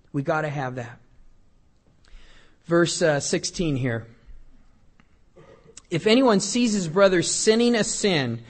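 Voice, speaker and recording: High-voiced pastor preaching. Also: male voice. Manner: conversational, joking, shifts between loud and quiet; reads scripture aloud. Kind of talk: sermon.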